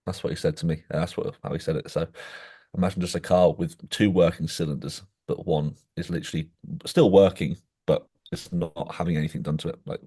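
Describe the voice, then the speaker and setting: A man co-hosting a podcast, telling stories in animated casual chat, saying "mate" often and acting out quoted voices. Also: fairly quick, breathy edge. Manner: animated storytelling, says "mate" constantly; acts out quoted voices with jumps in pitch. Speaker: podcast co-host.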